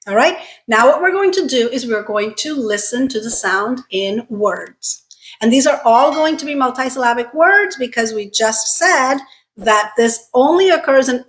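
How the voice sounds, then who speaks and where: A woman teaching an English pronunciation lesson, modeling sounds slowly and deliberately, repeating each one three times and checking in with "okay?". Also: on the high side, fairly bright tone.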